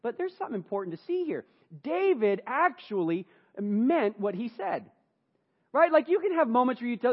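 A man preaching a sermon, telling the story dramatically and moving between hushed and raised passages. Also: very high-pitched, sing-song, normal speed, slightly rough, muffled recording. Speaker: pastor.

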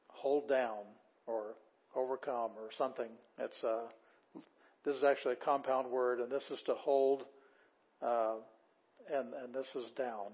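An older man lectures a class, explaining patiently in a mid-pitched voice. He pauses on fillers and goes back over his sentences. The recording sounds dull and lo-fi. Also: fairly even intonation, slightly rough. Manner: plain, patient explaining with fillers and restarts, reading words slowly aloud. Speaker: Bible Greek teacher.

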